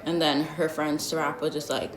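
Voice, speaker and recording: A woman's voice: deep voice, level tone, normal speed, a crowd in the background. A young woman telling a storytime vlog in a blunt, sassy, slangy way, full of asides. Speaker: vlogger. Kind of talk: storytime vlog, casual gossip. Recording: roomy echo.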